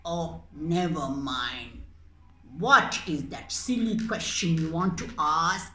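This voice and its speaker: A woman voicing a hungry, impatient male cat who scolds loudly and gruffly in a puppet story. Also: deep voice, slow, roomy sound, a little hiss or hum, voice pushed down, full character voice. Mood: scornful.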